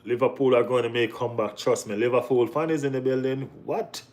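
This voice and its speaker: Laid-back man, chatty. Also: a little slow. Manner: repeats "you know what I mean", bursts into high excited exclamations. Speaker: host of a football live chat. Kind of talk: casual live-stream chat.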